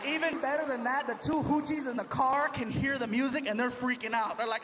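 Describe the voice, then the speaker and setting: High-voiced man doing animated stand-up. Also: a little fast. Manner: animated, with shouted punchlines. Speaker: stand-up comedian. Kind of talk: stand-up storytelling. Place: comedy stage before a live audience. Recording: live stage mic with crowd noise.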